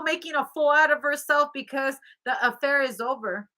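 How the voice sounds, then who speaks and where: A woman's voice: sits high, steady tone, moderate pace, few pauses, pushed and bright. A woman tarot reader casually retelling a story, chatty, often checking in with 'okay?' and acting out the quotes.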